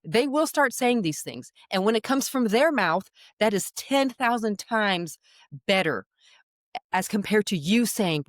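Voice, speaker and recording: A middle-aged woman talks to parents like a coach, animated and chatty, with constant check-ins of "okay?" and "all right?". Her voice sits at an ordinary middle pitch. The sound is close and dry, with no room echo. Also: normal speed. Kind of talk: direct-to-camera advice talk.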